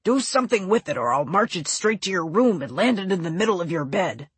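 Huge bald grump, husky and blunt, rises and falls a lot, as a woman reads him. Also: on the low side, animated, brisk, no echo. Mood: exasperated. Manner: blunt and exasperated. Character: huge bald gruff man, fed up. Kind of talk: audiobook character voice.

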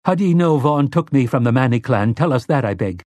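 A man's voice: medium pitch, lively intonation, fast, no echo, studio quality, lightly acted. A man voicing a fierce, proud middle-aged farm wife who talks sharply in an old-fashioned way. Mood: indignant. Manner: sharp, indignant, archaic speech.

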